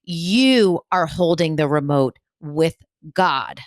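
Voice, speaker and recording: A woman who is a spiritual medium hosts her podcast, delivering an emphatic, repetitive motivational talk laced with blunt swearing and humor. Her low voice is animated and unhurried, captured dry with studio quality.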